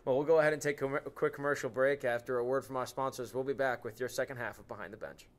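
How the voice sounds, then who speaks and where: Fast-talking male show host. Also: mid-range voice, fairly even intonation. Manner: fast, playful questioning with stammered restarts. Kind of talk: hockey team interview show.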